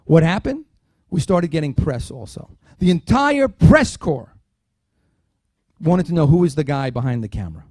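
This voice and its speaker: A man gives a dinner keynote as a lively story, his high voice full of swings in pitch. He acts out the dialogue and drops in jokes as he goes. The sound is close and dry, with no room echo. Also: moderate pace. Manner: animated, acts out dialogue in quotes; humorous asides. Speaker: keynote speaker.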